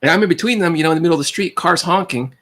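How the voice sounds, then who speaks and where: A man hosting a livestream, telling stories casually, animated and acting out voices, often stammering and repeating words. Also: fairly high pitch, very fast. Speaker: livestream host.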